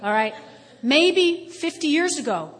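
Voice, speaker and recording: A woman in her fifties, a pastor preaching a sermon with animated, playful storytelling. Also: sits high, a little slow. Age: 50s. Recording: reverberant hall.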